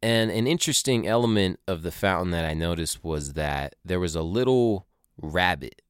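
A young man with a very low, smooth voice rambles through a casual, profane monologue full of conspiratorial asides. The sound is dry and close, with no room around it. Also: lively intonation, moderate pace, no echo. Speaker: podcaster recounting a tour.

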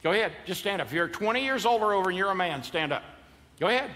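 Man, 50s, pastor, high voice, sermon in a reverberant church hall. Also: expressive, fast talker, pushed and bright. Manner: playful, jokes with the congregation, leads them in call-and-response. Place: large church auditorium. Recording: hall reverb, faint ambience.

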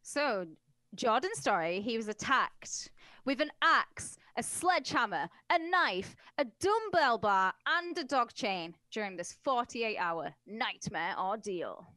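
A woman's voice: a little high, measured pace, no room sound. A woman from England, co-hosting a comedy podcast and telling stories in a blunt, profane way. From northern England. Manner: profane, blunt, animated storyteller. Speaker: podcast co-host. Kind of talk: casual comedic chat.

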